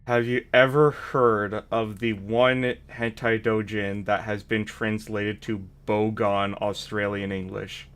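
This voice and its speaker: Slow-talking male streamer. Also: lowish voice, level tone, a bit bright, smooth. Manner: chatty, laughs easily. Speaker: streamer host. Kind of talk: casual stream chat.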